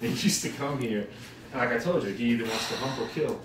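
A man's voice: medium pitch, quick pace, distant mic, noisy background. A man telling rambling, profanity-filled, laughing stories about his dog to a group. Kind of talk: casual storytelling tribute. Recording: very echoey, off-mic, crowd behind.

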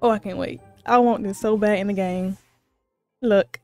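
A woman hosting a reaction video, gushing with excited, squealing exclamations and repeating herself, a little sleepy because it is late at night. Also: medium pitch, normal speed, no echo, faint music behind. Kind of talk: excited casual reaction commentary.

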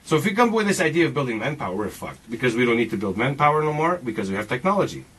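A man's voice: mid-range voice, big pitch swings, racing, fairly bright tone, slightly rough, low-quality recording. A man in his forties in a casual, rambling monologue, swearing often and talking emphatically as he philosophizes, calling the listener "man". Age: 40s. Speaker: speaker sharing personal views.

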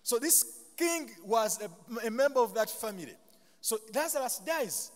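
A high-voiced Ugandan pastor delivers a sermon, pausing mid-sentence with a questioning "what?" so the congregation can fill in the word. He mixes humorous, self-deprecating asides into his preaching. A long chapel reverb trails his voice. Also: expressive. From Buganda, Uganda. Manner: call-and-response, leaves sentences open for the congregation to finish.

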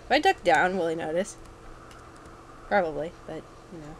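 A young woman giving casual, excitable commentary while playing a video game, with sudden yelps and running chatter. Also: lowish voice, moderate pace, slight background noise, rough recording. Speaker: let's play gamer.

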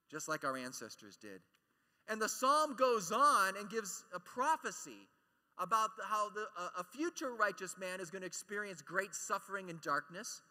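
A man giving a conference talk, animated and joking, acting out quotes as he teaches. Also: high voice, moderate pace, in a large hall. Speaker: speaker at a Catholic conference.

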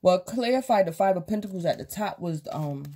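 A woman's voice: fairly low pitch, lively intonation, brisk, warm tone. A woman casually giving a tarot reading, speaking straight to the viewer and acting out quotes from imagined people. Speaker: tarot reader.

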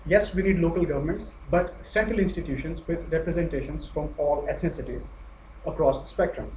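A man from Pakistan with a Pakistani accent, giving an academic lecture in a measured way, pausing with fillers and restarts. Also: a little high. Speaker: guest lecturer. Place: lecture hall. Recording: echoey hall with faint noise.

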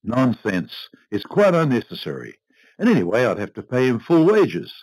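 A man's voice: medium pitch, huge pitch swings, normal speed, darkish tone, dry recording, rough recording. A man voicing a cold, domineering old husband who speaks curtly and dismissively. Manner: curt, dismissive, clipped.

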